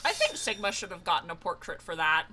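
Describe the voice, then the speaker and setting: Young woman streamer freaking out over a game, loud, swears a ton, bright tense voice. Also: lowish voice, fast, slight background noise. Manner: excitable, swears often, screams and laughs. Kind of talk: let's play commentary.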